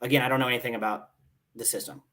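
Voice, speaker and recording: A man in his thirties telling stories as a guest in a relaxed chat. He talks in an animated way, swears easily and plays out the back-and-forth of conversations. His voice sits at an ordinary middle pitch for a man. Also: rapid-fire. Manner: animated, swears casually, acts out dialogue. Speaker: podcast guest, Marine staff sergeant. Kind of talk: casual storytelling chat.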